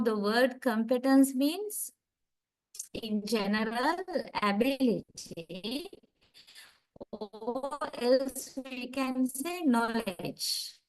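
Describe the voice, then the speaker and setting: A woman giving an online university lecture, explaining slowly and checking in often with her students. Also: fairly high pitch, poor audio. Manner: slow, deliberate explaining with frequent "right?" and "uh" checks.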